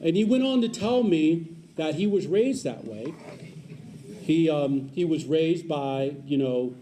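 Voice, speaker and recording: A man's voice: a little high, a little slow, mellow, slight background noise. A man giving a public speech at a community celebration, telling a personal story with joking asides to the audience and repeating his key points. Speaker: guest speaker at a community celebration.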